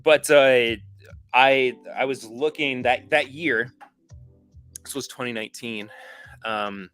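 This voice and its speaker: A man's voice: mid-range voice, takes it slowly, a bit bright, smooth, faint music behind. A man hosting a podcast live stream, chatting casually with his viewers in a rambling way, often correcting himself, and openly tired. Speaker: podcast host.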